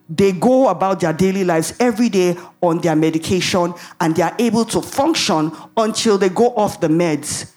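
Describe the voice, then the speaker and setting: A woman's voice: medium pitch, a little mellow. A woman preaching a sermon in an emphatic way, asking the audience rhetorical questions and laughing at herself.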